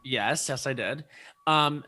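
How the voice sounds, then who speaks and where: A man who is a guest on a podcast, telling stories in casual chat with animated asides. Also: mid-range voice. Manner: animated storyteller, quick asides.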